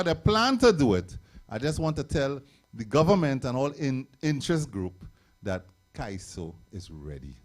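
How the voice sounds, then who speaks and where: A man with a Trinidadian accent hosting a live online calypso show, loud and playful, repeating his phrases and calling for applause. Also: medium pitch. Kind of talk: hyping live stream host.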